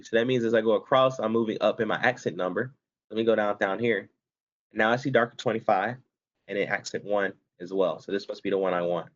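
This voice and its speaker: The voice is a man's, on the low side, with the highs cut off. As the instructor in a screen-recorded software tutorial, he casually leads students step by step through a spreadsheet, correcting himself as he goes.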